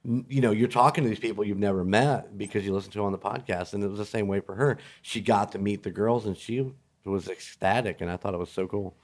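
A man's voice: lowish voice, fairly even intonation, quick pace, few pauses. A man who is a guest on a podcast, telling stories in an easygoing, laughing way. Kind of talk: casual podcast chat.

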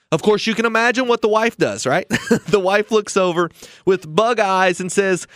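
High-voiced earnest male podcast host. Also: normal speed, fairly bright tone, dry recording, studio quality. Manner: earnest, persuasive storyteller. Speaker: retirement planning podcast host. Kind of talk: storytelling podcast monologue.

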